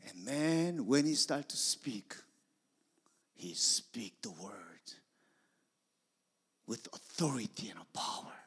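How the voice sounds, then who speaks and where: A man preaching a sermon, telling stories that swing from hushed whispers to loud emphasis. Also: mid-range voice, big pitch swings, slow pace, long pauses, husky. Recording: long hall reverb.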